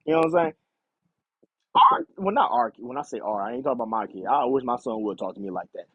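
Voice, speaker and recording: A man's voice: mid-range voice, very animated, fast, a bit bright, slightly rough, dry recording, low-quality recording. A man in a blunt, profane, heated rant, lecturing and repeating himself. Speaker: commentator.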